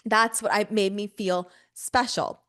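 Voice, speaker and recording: A young adult woman hosting a podcast, talking in an animated, profane, casual monologue with quick bursts and playful asides. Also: medium pitch. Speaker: podcast host.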